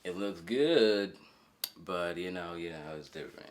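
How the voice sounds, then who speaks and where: A young man with a low voice, speaking at normal speed, hosts a goofy origami tutorial vlog from his bedroom at a bare mattress. As the channel's host, he jokes and rambles, throwing in mock-dramatic asides.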